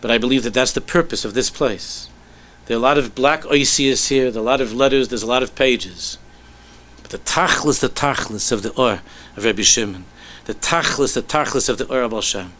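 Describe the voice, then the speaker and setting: A man, a rabbi, telling a story in a sermon with animated delivery that sinks to soft, low tones. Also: fairly quick.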